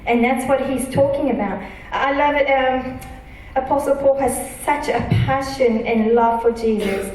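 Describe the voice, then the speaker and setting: A woman pastor preaching a sermon, earnest and emphatic, reading scripture slowly. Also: sits high, a little mellow, a little hiss or hum. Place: church auditorium. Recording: echoey church hall from a distance.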